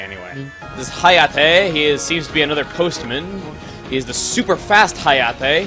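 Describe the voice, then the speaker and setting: A man giving casual, joking commentary over his gameplay, breaking into loud excited exclamations. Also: fairly high pitch, brisk. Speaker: let's play commentator. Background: game music.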